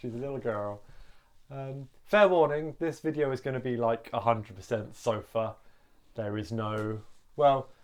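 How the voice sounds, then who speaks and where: Chatty male co-host for a relaxed couple vlog. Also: medium pitch, clean tone. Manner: chatty, jokey, reads aloud. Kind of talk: casual chat.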